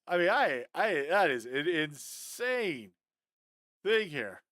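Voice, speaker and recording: A man breaking down football game film on a live stream, animated and fired up, talking straight to his viewers. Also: on the high side, slow, no room sound, clean studio sound. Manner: addresses viewers as guys, often adds okay.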